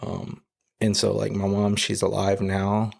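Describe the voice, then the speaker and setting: A man, a podcast guest, telling an emotional personal testimony in a halting way, with many fillers and restarts, near tears. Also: fairly low pitch, completely flat delivery, creaky.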